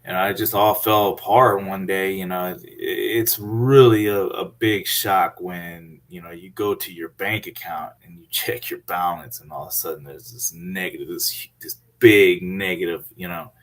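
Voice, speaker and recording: Deep-voiced man with halting storytelling. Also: fairly even intonation. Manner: halting, many fillers and restarts. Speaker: scam victim telling his story. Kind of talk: casual storytelling.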